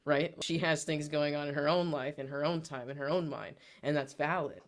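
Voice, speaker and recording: A man's voice: on the high side, moderate pace. A man co-hosting a podcast, earnestly reflecting on his own feelings and growth with therapy-style language. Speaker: podcast co-host. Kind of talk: personal storytelling on a podcast.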